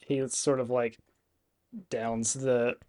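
A man narrating a tabletop game as game master, halting and full of fillers. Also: mid-range voice, little pitch movement, warm tone, no echo, clean studio sound.

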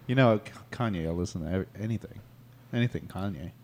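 A man co-hosting a podcast who talks in an easygoing, halting way in casual chat. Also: sits low, a little mellow.

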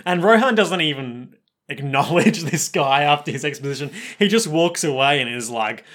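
A man co-hosting a podcast, recapping episodes in casual chat, laughing often and acting out lines in quick bits. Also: a little high, expressive, fairly bright tone. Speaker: podcast co-host.

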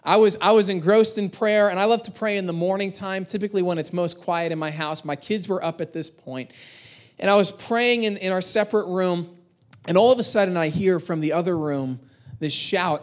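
A man in his thirties, a pastor preaching a sermon and telling stories, energetic and animated. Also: sits high, fairly quick. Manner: energetic, animated, acts out quotes. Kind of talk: sermon with personal storytelling.

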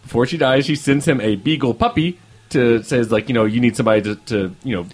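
A man's voice: mid-range voice, fast talker, slightly rough. A man hosting a casual podcast chat, reviewing films as a rambling storyteller who swears and laughs. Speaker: film reviewer host.

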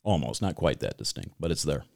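A low-pitched man with a Michigan accent hosts a casual podcast, rambling through stories and swearing freely. His voice is dry and close to the mic. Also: animated, fairly quick, vocal fry, no echo. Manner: profane, rambling, storytelling. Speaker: podcast host. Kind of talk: casual chat.

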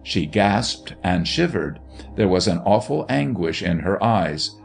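Gravelly man reading a ghost story. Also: low-pitched, measured pace, faint music behind. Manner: expressive, dramatic reading. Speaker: narrator.

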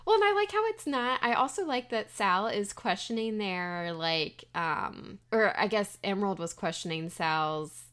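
A woman's voice: medium pitch, lively intonation, unhurried, few pauses, fairly bright tone. Chatty young woman co-hosting a podcast. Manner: chatty, self-correcting, lots of "like". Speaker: podcast co-host. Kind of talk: casual book discussion and joke telling.

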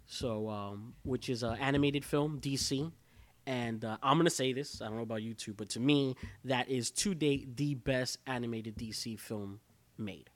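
A man's voice: mid-range voice, moderate pace. A man co-hosting a podcast in casual chat, rambling with lots of fillers and restarts. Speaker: podcast co-host.

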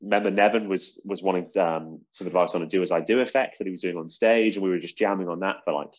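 A man's voice: low voice, fairly even intonation, quick pace. A British man hosting a podcast, chatting casually about magic in a rambling, self-mocking way. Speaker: podcast host. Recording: dull lo-fi sound.

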